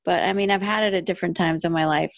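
A woman's voice: fairly low pitch, fairly even intonation, fast, gravelly, no room sound, studio quality. A young woman co-hosting a podcast in casual chat, laughing along and reacting. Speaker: podcast co-host.

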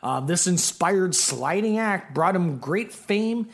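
Rambling higher-voiced male podcast host. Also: lively intonation, slow pace. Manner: rambling, lots of fillers and restarts. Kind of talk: casual chat.

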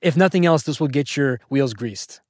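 A man's voice: mid-range voice, lively intonation, moderate pace, dry recording, clean studio sound. A man hosting a podcast in casual chat, wry and joking, packed with trivia. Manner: wry, joking, fact-heavy. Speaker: podcast host.

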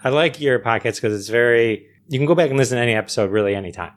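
A man's voice: mid-range voice, racing. A man hosting a podcast, chatting casually with a guest, loose and chatty with lots of fillers. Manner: relaxed, chatty, frequent fillers. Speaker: podcast host. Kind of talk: casual interview chat.

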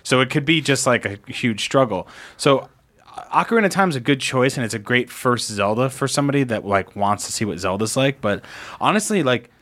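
A man co-hosting a casual gaming podcast. He talks in an animated, rambling way and scatters "like" through his sentences. His voice sits in an ordinary middle pitch. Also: fairly quick. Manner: animated, lots of "like" fillers. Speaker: podcast co-host. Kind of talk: casual chat.

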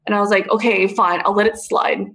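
A young woman in casual chat, telling a story in an animated way, swearing freely and calling her listeners dude and bro. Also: mid-range voice, fairly quick, rough recording.

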